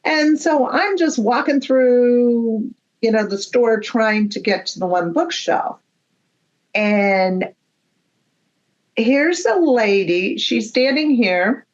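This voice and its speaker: Slow-talking woman telling stories. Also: on the high side, lo-fi sound. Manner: animated anecdotes, acts out dialogue. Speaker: guest medium. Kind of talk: casual storytelling chat.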